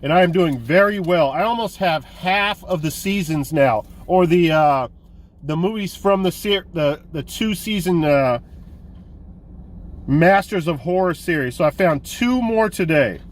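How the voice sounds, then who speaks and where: A man hosting a casual collecting vlog, excited and rambling, swearing now and then. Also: on the high side, measured pace. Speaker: host of a physical media collecting vlog.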